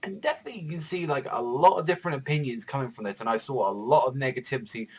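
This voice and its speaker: Talking very fast in a mid-range, slightly rough voice, a young man rambles casually through his review of a manga chapter, full of profanity and endless "like"s.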